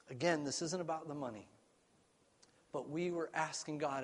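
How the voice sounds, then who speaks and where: A man preaching a sermon as a pastor, telling a story earnestly and swinging between raised and hushed passages. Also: a little high, a little slow, long pauses.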